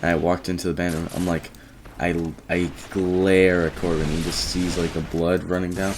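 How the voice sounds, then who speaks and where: A man's voice: low-pitched, flat delivery, normal speed, noisy background. A teenage boy casually telling a rambling story about his day, often quoting himself and restarting his sentences. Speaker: vlogger.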